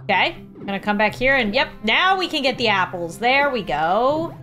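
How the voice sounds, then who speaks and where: A woman giving casual, animated gameplay commentary on her own game, mock-nervous and self-deprecating. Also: on the high side, normal speed, soft background music.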